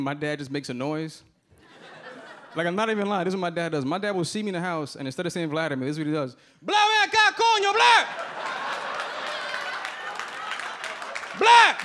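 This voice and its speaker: A man from the Dominican Republic doing a stand-up set on a comedy club stage, talking in a loose, conversational way with asides to the audience. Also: on the high side. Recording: live club, crowd laughter and room noise.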